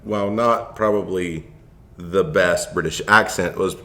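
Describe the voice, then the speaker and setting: A man with a very deep voice chats casually on a podcast. He mostly chimes in with short, agreeable remarks. His tone stays easygoing throughout. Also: slow pace, pushed and bright. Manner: brief, agreeable interjections. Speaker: podcast co-host.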